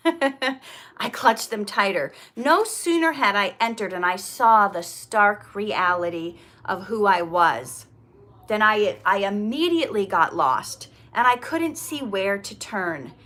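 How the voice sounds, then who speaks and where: A middle-aged woman with a fairly high voice hosts an inspirational video, reading her poem aloud. She turns to viewers with earnest, animated asides.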